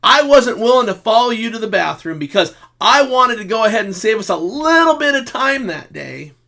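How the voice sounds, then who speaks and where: A middle-aged man lectures the viewer directly in a blunt advice monologue, with a fairly high, bright and forceful voice. He jumps from near-shouting to low, tired resignation as he talks. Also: very animated, normal speed, vocal fry. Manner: lecturing, direct address to the listener; swings between shouting reenactments and quiet resignation. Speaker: self-help video host.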